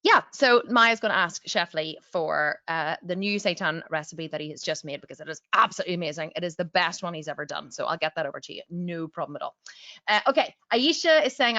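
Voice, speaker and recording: A bright, forceful middle-aged woman hosts a live webinar from her office, greeting viewers and reading their comments in a chatty, upbeat way. Her voice is dry and close, through a slightly dull webcam mic. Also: mid-range voice, fairly quick, dry recording. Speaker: webinar host. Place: small office.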